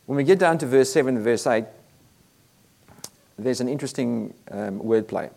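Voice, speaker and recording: A man's voice: mid-range voice, animated, moderate pace, vocal fry, warm tone. A man preaching a sermon, earnest and emphatic, reading Bible verses aloud between points.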